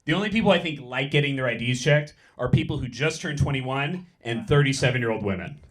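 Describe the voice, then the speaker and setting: A young man doing stand-up on a comedy club stage, talking into a handheld mic and delivering quick, deadpan punchlines. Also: medium pitch. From San Francisco. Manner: deadpan, quick punchlines, mock voices for bits.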